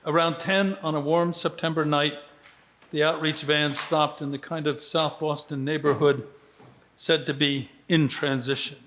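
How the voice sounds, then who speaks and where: A man reading aloud from his own book at a literary festival, measured and steady, with quoted lines given brief lively voicing. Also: fairly high pitch. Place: festival venue.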